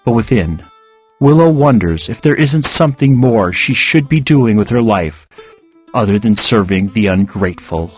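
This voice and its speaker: A man narrating a fantasy serial with an expressive reading. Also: on the low side, moderate pace, slightly rough, soft background music. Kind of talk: audiobook narration.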